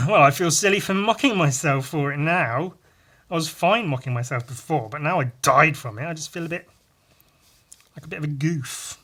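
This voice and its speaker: A young man with squeaky, wheezy breath mutters crudely to himself as he draws. His voice sits a little high, and he talks in a rambling, self-mocking way. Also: normal speed, sharp tone. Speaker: podcast host drawing. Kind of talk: rambling solo chat while drawing.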